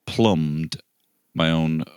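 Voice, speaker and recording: A deep-voiced man co-hosting a comedy podcast, telling rambling stories and cursing freely. His voice sits very low and the recording is close and dry. He tends to burst into loud, high impressions mid-story. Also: very slow, smooth, dry recording. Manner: animated storyteller, swears freely, breaks into high shouted impressions. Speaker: podcast co-host. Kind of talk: casual comedic chat.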